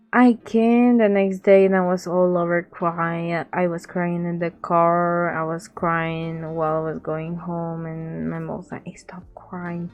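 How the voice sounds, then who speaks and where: Gravelly young woman with a Latin accent. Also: lowish voice, a little mellow. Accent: Latin American. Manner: rambling, repeats words, acts out quoted people. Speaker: vlogger. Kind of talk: casual storytime chat.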